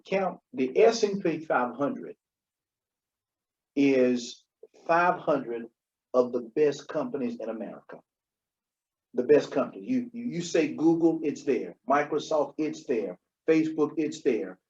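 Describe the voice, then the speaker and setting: Another stretch from the same podcast co-host: he speaks at a measured pace in a medium pitch with lively intonation and a slightly mellow quality. He pushes his financial advice emphatically, repeats the main points, keeps asking "Okay?", and the recording stays dull and lo-fi.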